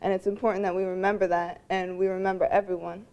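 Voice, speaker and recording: A woman in an audience at a public forum, in a mid-range voice. She speaks in a measured way with small hesitations. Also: medium pitch, flat delivery, a little mellow, muffled recording. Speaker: audience member.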